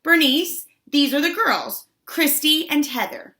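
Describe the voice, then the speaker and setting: A woman's voice: expressive, unhurried, full character voice. A woman voicing a bossy fifth-grade girl who gushes to impress adults, in an audiobook reading. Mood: gushing. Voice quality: high, loud, showy sweetness.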